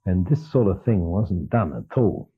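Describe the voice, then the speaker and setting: A man's voice: low-pitched, expressive, a little slow, husky. An older man giving a lecture, telling stories animatedly, acting out dialogue and often laughing. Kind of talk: lecture with storytelling. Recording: lo-fi, phone-like archival tape.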